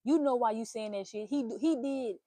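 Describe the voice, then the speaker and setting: Animated, blunt woman with a mellow voice. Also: a little high, a little fast, dry recording. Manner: animated, swearing, playful exclamations. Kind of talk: casual spiritual reading monologue.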